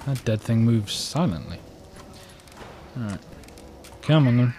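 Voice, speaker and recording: A British man giving gameplay commentary, chatting to himself with quiet mutters and sudden outbursts. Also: medium pitch, expressive, a little slow, background noise. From Britain. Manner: chatty, jumps between mutters and sudden exclamations. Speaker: let's play gamer.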